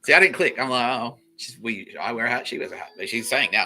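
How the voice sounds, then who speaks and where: A man's voice: mid-range voice, big pitch swings, quick pace, hardly any pauses, bright, forceful tone. Giggly man riffing. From Australia. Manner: loose and giggly, swearing freely, slipping into quoted voices. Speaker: podcast host. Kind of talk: rambling comedic monologue.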